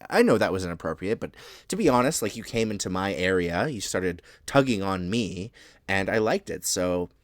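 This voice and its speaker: A man's voice: sits low, very animated, moderate pace, no echo. A man voicing a crude, flirty, laid-back male talking mushroom, rambling casually and swearing. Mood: casual, chatty.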